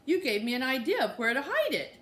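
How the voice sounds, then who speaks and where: A woman's voice: high voice, big pitch swings, fairly quick, a bit bright. A woman voicing a busy schoolboy who gets a little impatient, in a plain, slightly fussy tone. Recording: roomy echo.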